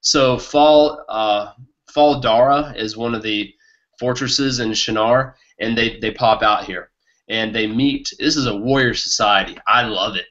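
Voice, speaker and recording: A man co-hosting a casual book podcast, talking with excitement and laughing often. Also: lowish voice, a little slow. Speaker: podcast co-host. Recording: muffled lo-fi podcast audio.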